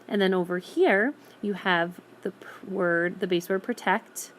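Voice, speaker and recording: A woman teacher giving a recorded phonics lesson on a tablet screencast, patiently and clearly sounding out each word. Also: mid-range voice, unhurried, slight background noise. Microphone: tablet screencast microphone.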